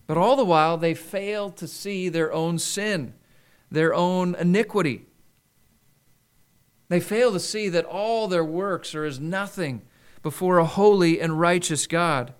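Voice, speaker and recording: A middle-aged man preaching a sermon in an earnest way, slowing down for emphasis. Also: high-pitched, smooth. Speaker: pastor.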